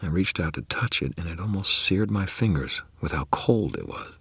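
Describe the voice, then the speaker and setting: A man narrating first-person fiction in a grave manner, often dropping into a hushed whisper. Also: low voice, lively intonation, moderate pace, creaky, few pauses, breathy edge. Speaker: audiobook narrator.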